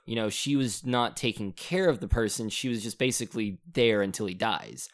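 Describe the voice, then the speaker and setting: A man's voice: on the low side, lively intonation, normal speed. A man co-hosting a podcast, casually recapping a movie plot with some swearing. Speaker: podcast co-host.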